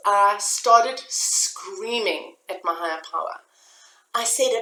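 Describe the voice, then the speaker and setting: A woman's voice: mid-range voice, slow pace, bright, forceful tone, echoey room, rough recording. A woman giving an earnest, confessional motivational talk straight to her listeners. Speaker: self-help vlogger. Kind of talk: personal motivational talk to camera.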